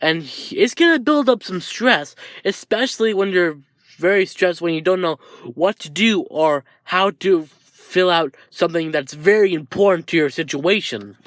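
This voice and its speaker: A man's voice: high-pitched, moderate pace, a bit bright, no room sound, clean studio sound. A man improvising a fan story aloud, rambling and hesitant with many restarts.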